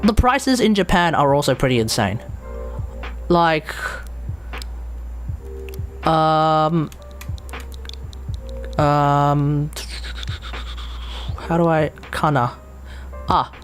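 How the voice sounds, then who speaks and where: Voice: mid-range voice, animated, slow, pauses often, soft background music. An Australian live streamer in casual chat, rambling and exasperated, with mild swearing.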